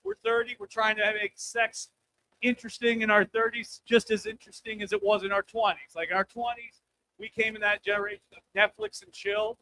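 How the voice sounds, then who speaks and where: A man in his thirties doing a live stand-up comedy set, brash and loud, working the crowd and breaking into shouts. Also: high voice, fairly even intonation, brisk. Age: 30s. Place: comedy club stage.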